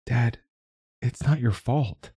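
A man voicing a young adult daughter who has just woken, her voice strained and croaking but her words tumbling out quickly. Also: medium pitch, mellow, dry recording, studio quality, pitched above the performer's own voice. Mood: earnest. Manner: rapid cascade of words.

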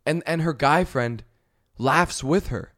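A man's voice: fairly high pitch, slow, a bit bright. A man hosting a podcast, ranting casually and comedically in a profane, exasperated, rambling way. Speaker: podcast host.

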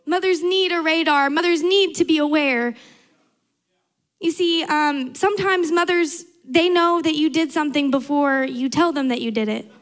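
Young woman preacher, high bright voice, earnest sermon with repeated emphatic lines. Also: moderate pace.

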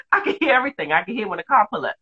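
A woman's voice: a little high, fast talker, crowd noise. A woman in her thirties chatting casually, telling profane stories with lots of laughter. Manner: animated, laughing, profane storytelling. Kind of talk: casual chat. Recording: dull lo-fi sound.

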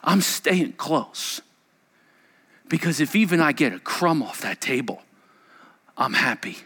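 A man speaking as a humble dog that refuses to leave its master's feet, quiet and slow. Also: on the high side, very animated, slightly rough, pitched below the performer's own voice, exaggerated voice. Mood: devoted. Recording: echoey hall reverb.

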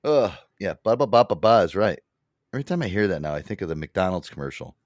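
A man's voice: low voice, fast talker, background noise. A man hosting a casual radio show, telling crude, laughing stories and slipping into impressions. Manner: animated storyteller, swears freely, slips into impressions. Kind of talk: loose casual banter with crude humor. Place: small studio. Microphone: studio mic.

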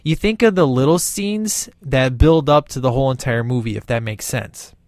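A man giving a casual, rambling movie review, excited and acting out bits of scenes in quick voices. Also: medium pitch, no echo, clean studio sound.

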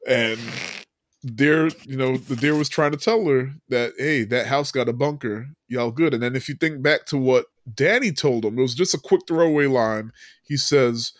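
A man's voice: mid-range voice, moderate pace, no room sound. Casting: male podcast host, casual rambling storyteller, laughs easily, dry close sound. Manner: loose storyteller, many fillers, laughs often. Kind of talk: casual movie recap chat.

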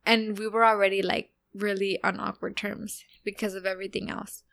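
A woman's voice: medium pitch, little pitch movement, normal speed, gravelly, fairly bright tone. A young woman casually telling a personal story, chatty and full of fillers, acting out what people said. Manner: chatty, full of "like" fillers, acts out quoted lines.

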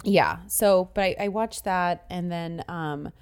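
A woman's voice: fairly low pitch, slow, a little mellow, slight background noise. A woman co-hosting a podcast in casual chat, rambling with many restarts and repeated words. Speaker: podcast co-host. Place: New York City.

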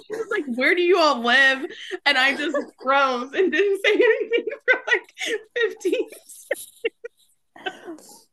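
A woman's voice: sits high, animated, measured pace, bright, forceful tone. A woman in her thirties co-hosting a podcast, chatting casually, swearing freely and laughing often. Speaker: podcast co-host. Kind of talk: casual chat.

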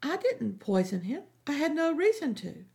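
A woman's voice: sits high, sing-song, normal speed, gravelly, warm tone, voice pushed up, heavily acted. A woman voicing a young village healer accused of poisoning, earnest and pleading.

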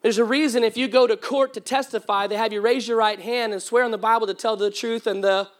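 A pastor preaches a sermon, telling humorous stories to his congregation in an animated way. His voice is high and quick, and it cracks at times.

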